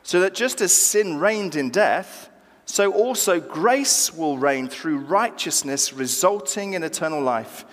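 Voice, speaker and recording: Male pastor, lively sermon delivery with acted-out dialogue, slightly high voice, echoing church hall. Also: measured pace. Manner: animated, acts out dialogue with rising emphasis.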